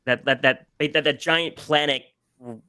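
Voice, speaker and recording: A man with a bright, clear voice chatting on a podcast, gushing and emotional, often stumbling and restarting. The sound is dry and close, with no room in it. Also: on the high side, fairly even intonation, a little slow, no room sound. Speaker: podcast guest. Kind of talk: casual podcast chat about video games.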